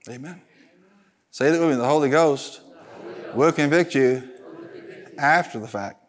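A man's voice: on the high side, a little slow. A man preaching a sermon as pastor, telling stories with a laugh and calling the congregation to answer back. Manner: calls for congregation responses, storytelling with laughter.

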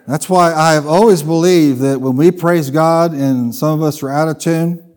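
Male pastor, slightly high voice, animated comic storyteller in the pulpit. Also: moderate pace. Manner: storytelling with humor, lively and animated. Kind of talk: sermon.

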